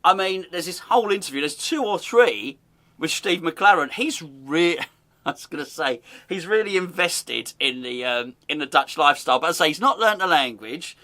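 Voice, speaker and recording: A man's voice: on the high side, animated, moderate pace, bright, forceful tone. A man hosting a casual comedic football podcast, teasing and laughing as he talks. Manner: amused, teasing, laughs often, chatty. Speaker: podcast host.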